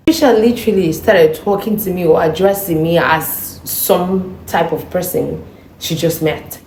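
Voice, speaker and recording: A woman vlogger telling a personal story in an animated, indignant way, acting out the dialogue. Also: on the low side, measured pace, a little hiss or hum. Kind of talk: storytime monologue. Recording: echoey room.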